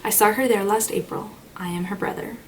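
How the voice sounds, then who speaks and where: A woman's voice: mid-range voice, steady tone, fairly quick, close to an everyday voice. A woman voicing a timid, shrinking young man who speaks faintly. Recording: slightly distant mic, faint noise.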